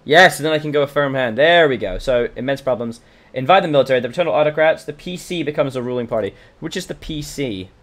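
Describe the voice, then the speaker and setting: A man with an accent that blends British and American speech, playing a strategy game for his channel. He reads the event texts aloud, then drops into easy banter with his stream chat. His voice sits at an ordinary middle pitch. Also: fast. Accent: mixed British and American. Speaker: gaming channel host. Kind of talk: casual let's-play commentary recorded from a livestream.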